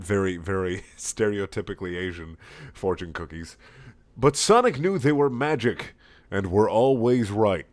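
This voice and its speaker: A man with a lowish, slightly bright voice reads a fan story aloud as a sarcastic, mocking comic performance, swearing and cracking up as he goes.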